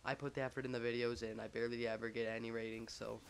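A man's voice: medium pitch, little pitch movement, rapid-fire, vocal fry, slight background noise. A young man telling a story casually over gameplay, rambling with lots of fillers and self-mocking jokes.

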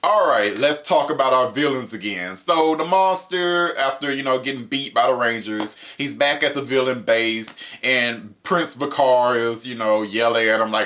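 A young man reviewing an episode in a casual, animated way, laughing often and jumping up in pitch for emphasis. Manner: paraphrases characters in quick mock voices. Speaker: show reviewer.

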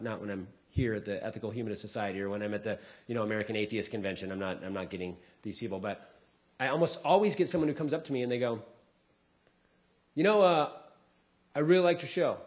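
A man, a comedian, speaking casually to a live audience, acting out people's lines with big pitch jumps and dropping low for asides. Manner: drops to a quieter, lower voice for asides. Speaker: comedian giving a talk.

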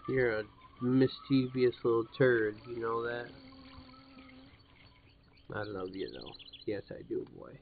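A man talks through a fishing game in a relaxed, drawn-out way, breaking off to talk to his dog. His voice is gravelly with fry. It comes through a thin, phone-like line with clear hiss behind it. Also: medium pitch. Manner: laid-back, chatting to his dog between remarks. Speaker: gameplay commentator. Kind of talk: casual let's-play commentary. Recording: tinny, noisy lo-fi line.

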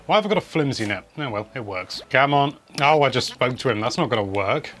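Humming now and then as he plays, this man offers dry, chatty remarks over a game video he presents. He talks briskly in an expressive, fairly bright mid-range voice, and the recording carries a little hiss or hum.

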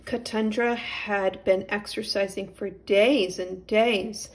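A woman gently reading a children's story aloud as the storyteller. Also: medium pitch, fairly even intonation, slow pace.

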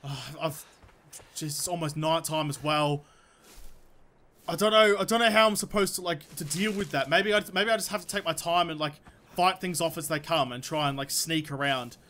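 Young male let's player: high, bright voice, excitable, foul-mouthed, yells at the game. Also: moderate pace. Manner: excitable, swears constantly, talks to the game's creatures. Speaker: let's play host. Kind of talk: live gameplay commentary.

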